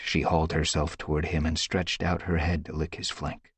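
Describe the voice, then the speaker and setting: A man with a husky voice reading an audiobook with dramatic, tense storytelling. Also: extremely low pitch, flat delivery, normal speed, no echo. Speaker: audiobook narrator. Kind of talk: dramatic scripted narration.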